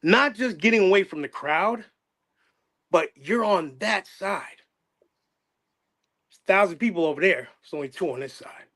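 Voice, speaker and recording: A middle-aged man with a high, bright voice talks passionately to his channel's viewers. He circles back on himself, restarting sentences and repeating phrases as his feelings run over. His delivery is casual and heartfelt. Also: animated, moderate pace, long pauses. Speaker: channel host. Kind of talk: emotional casual chat.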